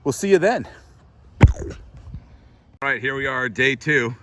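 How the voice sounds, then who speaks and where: A man's voice: mid-range voice, lively intonation, a little slow, background noise. A man hosting a casual homestead how-to vlog outdoors in his garden, chatty, explaining as he works and a bit out of breath. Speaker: homestead vlogger.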